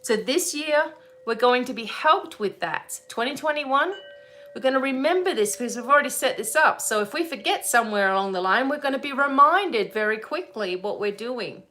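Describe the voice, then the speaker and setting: Woman, bright and fairly high voice, casual and animated spiritual host, laughs often and keeps asking "right?". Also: moderate pace, a little hiss or hum. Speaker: spiritual teacher hosting a webinar. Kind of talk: casual teaching talk.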